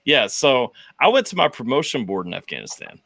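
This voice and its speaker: Male veteran co-host, bright tone, casual swearing storyteller. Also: brisk, creaky, no echo. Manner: profane, animated retelling, voice jumps high when quoting. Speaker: podcast co-host, army veteran.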